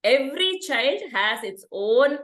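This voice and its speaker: A middle-aged woman with an Indian English accent, speaking calmly and reflectively about parenting and repeating words for emphasis. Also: high voice, slow. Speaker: parenting workshop facilitator. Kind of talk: reflective conversational talk. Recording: echoey room.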